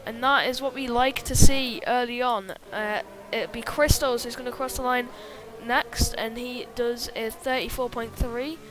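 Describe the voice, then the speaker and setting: Female sim-racing commentator, somewhat high-pitched, casual and filler-heavy. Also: fairly even intonation, unhurried, hardly any pauses. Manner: chatty, many fillers, reads chat. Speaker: race commentator.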